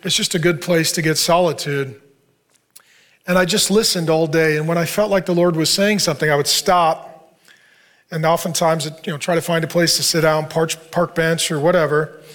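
A man's voice: fairly high pitch, fairly even intonation, normal speed, fairly bright tone. A middle-aged man, a pastor, telling a personal story in an earnest, conversational sermon to a men's group.

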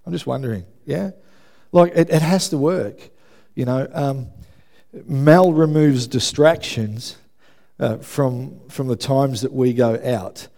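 A man's voice: mid-range voice, slow, gravelly, mellow. A man preaching a sermon in a conversational way, often checking in with the congregation. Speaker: pastor.

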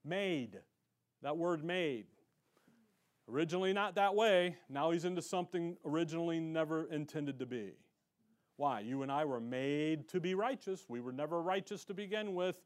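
Male pastor, higher-pitched voice, fervent and conversational sermon that builds in volume. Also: expressive, normal speed. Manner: fervent, colloquial preaching that swells in volume. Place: church.

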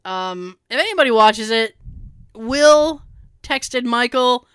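A middle-aged woman chatting on a podcast, her voice swooping high and low as she tells stories. Her tone is bright and crisp, and the sound is dry and close. She laughs a lot and swears now and then. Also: takes it slowly, no echo. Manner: animated storyteller who laughs often and swears. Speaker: podcast co-host. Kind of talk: casual chat.

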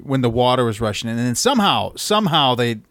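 A man co-hosting a podcast in casual chat, halting and unsure as he fills in details. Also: medium pitch, very animated, a bit bright, dry recording. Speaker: podcast co-host.

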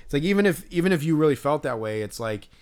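A man's voice: fairly high pitch, lively intonation, fast talker, darkish tone, smooth. A man co-hosting a podcast, in casual chat, ranting and swearing a lot. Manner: profane, ranting. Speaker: podcast co-host.

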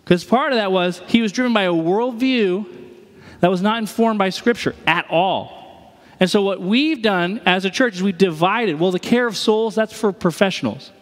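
High-voiced pastor preaching in a hall. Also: male voice, normal speed. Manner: conversational, acts out quoted voices. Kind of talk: sermon.

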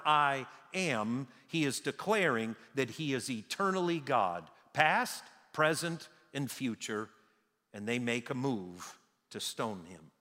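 Slow, lively-voiced male preacher in a hall. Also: fairly high pitch. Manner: emphatic, with dramatic slow pauses. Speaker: pastor. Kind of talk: sermon. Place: church sanctuary. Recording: long reverb of a large hall.

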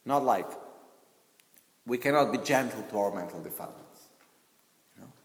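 A man at mid pitch, teaching a Buddhist text in a loose, conversational way and dropping in frequent asides. His voice rings around a roomy space with a long reverb tail. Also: lively intonation, moderate pace. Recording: echoey room with long reverb.

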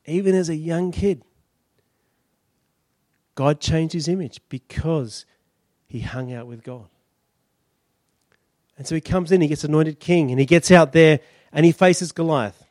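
Male preacher, high voice, animated sermon storytelling. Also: unhurried, pauses often, no room sound, studio quality. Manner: animated storytelling, acting out characters.

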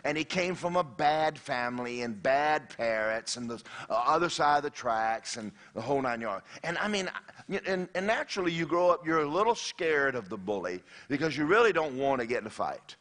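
A man preaching a sermon, telling a personal story in an animated way with frequent restarts and direct questions to the audience. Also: on the high side, normal speed. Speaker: pastor.

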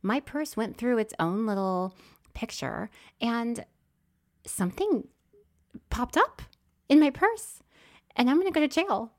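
A woman telling a story in casual chat, swinging from whispers to loud exclamations as she acts it out. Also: fairly high pitch, animated, measured pace, pauses often.

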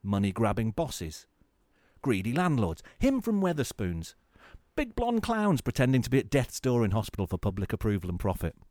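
A man hosting a spoof hospital radio show, delivering a sarcastic comic monologue with deadpan mock-grand phrasing. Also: medium pitch, moderate pace, no room sound, studio quality. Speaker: host of a comedy radio show.

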